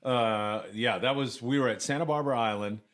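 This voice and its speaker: A middle-aged man casually telling lively anecdotes, often acting out other people's voices. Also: medium pitch, a little fast. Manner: animated anecdotes, acts out voices. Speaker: guest. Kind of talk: casual storytelling.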